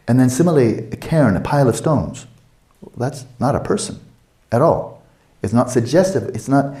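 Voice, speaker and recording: Older male dharma teacher, mellow tone, roomy reverb, casual teaching. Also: mid-range voice. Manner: conversational, playful asides with acted quotes. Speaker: meditation teacher. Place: retreat teaching hall.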